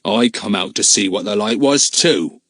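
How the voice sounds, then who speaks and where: A man's voice: lowish voice, fairly bright tone, no echo, studio quality. A man doing a cruel, growling brute. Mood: menacing. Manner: growling, slow menacing drawl. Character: threatening burly grown man, cruel and spiteful.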